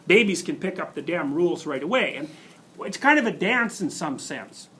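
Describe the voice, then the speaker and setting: A man in his fifties giving a university lecture to students, animated, laughing often and restarting sentences as he digresses. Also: sits high. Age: 50s.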